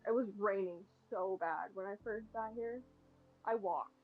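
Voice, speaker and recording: A woman's voice: medium pitch, a little slow. A woman streamer chatting casually outdoors on earbuds while scolding her dogs. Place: outdoors, on a walk. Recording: dull lo-fi sound.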